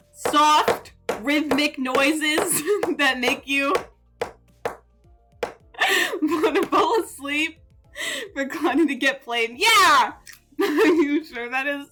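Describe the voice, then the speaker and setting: A woman's voice: high voice, pushed and bright. A woman live streamer in casual chat, talking in a playful, mock-indignant teasing manner.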